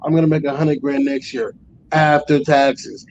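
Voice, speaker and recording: A man in his forties, a truck driver guest, telling road stories in a profane, animated casual way. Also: on the high side, normal speed, highs cut off, slight background noise. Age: 40s. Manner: profane, animated storytelling with loud acted outbursts. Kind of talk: casual storytelling chat.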